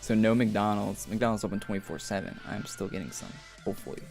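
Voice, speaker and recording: Young man, low-pitched voice, rambling casual stream talk, faint music behind. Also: steady tone, fairly quick, a little mellow. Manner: rambling storytelling with laughs.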